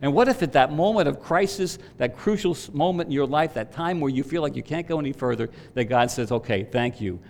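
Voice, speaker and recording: A man preaching a sermon, swelling to loud emphatic peaks and dropping to quiet asides. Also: a little high, a little fast, creaky, few pauses. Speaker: pastor.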